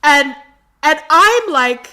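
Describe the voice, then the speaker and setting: A woman guest on a podcast, telling a story in a casual, animated way and acting out the quotes. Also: sits high, drawn-out words.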